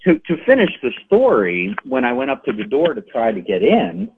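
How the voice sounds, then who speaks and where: A man, an independent journalist, calling in to a radio show and telling his story in an animated, indignant way. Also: medium pitch, normal speed, a little hiss or hum. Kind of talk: phone-in radio interview. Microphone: telephone. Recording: tinny phone line.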